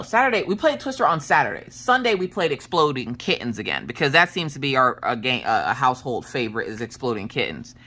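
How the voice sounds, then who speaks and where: A woman in her thirties chatting casually while she works on a craft project, telling family stories in an animated way. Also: low voice. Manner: animated storyteller, acts out family quotes. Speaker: crafting vlogger. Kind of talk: casual chat while diamond painting.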